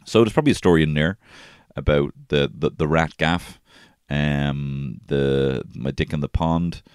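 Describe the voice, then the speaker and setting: A podcast host in his thirties rambles and swears through casual solo stories from his life, frequently restarting his sentences. His bass voice is smooth and slightly mellow at a measured pace, recorded in studio quality with no room sound.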